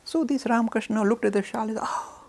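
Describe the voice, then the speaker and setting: A man telling a spiritual story as a lecture. He talks in an animated way, waving his arms, and asks himself questions that he then answers. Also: high-pitched, fast talker. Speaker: spiritual teacher.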